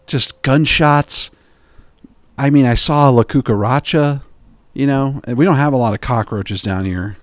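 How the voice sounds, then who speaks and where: A man hosting a podcast, telling jokey, digressive stories and slipping into quick impressions of the people he quotes. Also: mid-range voice, no echo, clean studio sound. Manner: digressive, joking, mimics people in quoted asides. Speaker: podcast host. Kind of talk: rambling comedic podcast chat.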